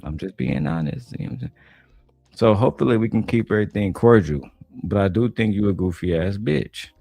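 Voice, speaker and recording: A man's voice: fairly low pitch, expressive, fairly quick, vocal fry, dark tone, no echo, faint music behind. A man from Detroit giving blunt, mocking, heavily profane reaction commentary on a panel clip. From Detroit, USA.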